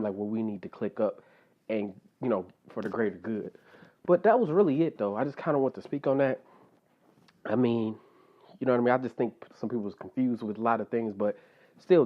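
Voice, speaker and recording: A man hosting his own podcast, talking casually on his own, stuffed up and a little out of breath, repeating himself and filling pauses with "like" and "you know". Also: medium pitch, muffled recording. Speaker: podcast host. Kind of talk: casual solo podcast monologue.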